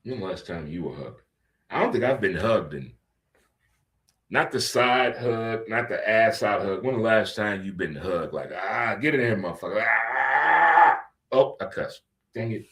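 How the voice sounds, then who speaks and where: Radio host guy riffing solo, bright voice on the low side, jumps from loud to quiet mutters. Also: normal speed. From St. Louis. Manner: animated, joking, shifts between loud outbursts and low muttering. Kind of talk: casual talk radio monologue.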